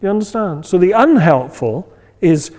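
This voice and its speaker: A man's voice: high voice, expressive, normal speed, a little mellow. A man teaching a meditation class in a loose, conversational way, full of fillers and checks for understanding. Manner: conversational, many fillers, acts out inner voices. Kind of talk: informal class talk. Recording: long reverb in a hall.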